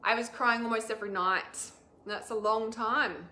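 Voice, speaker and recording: A woman's voice: on the high side, steady tone, normal speed, pushed and bright, slight background noise. A woman hosting a casual live stream as an intuitive healer, chatty and reassuring, with lots of fillers and asides. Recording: echoey room.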